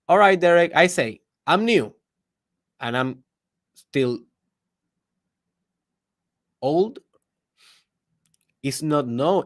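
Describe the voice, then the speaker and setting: A man whose voice sits on the high side hosts a personal development podcast. He gives an emphatic motivational monologue, swinging between loud bursts and hushed asides and putting rhetorical questions to the listener.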